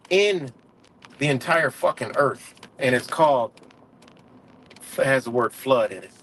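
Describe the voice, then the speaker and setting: A man's voice: fairly high pitch, a bit bright. Profane, rambling man ranting on a livestream. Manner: heated, profane, rambling with many fillers. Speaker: livestream host. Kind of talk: casual livestream rant.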